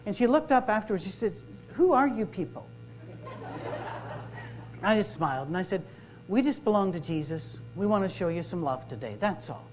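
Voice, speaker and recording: He's a fast-talking minister with a high, animated voice, telling stories, acting out the dialogue, and cracking jokes during a sermon-style workshop talk. Soft music sits behind him on a low-quality recording.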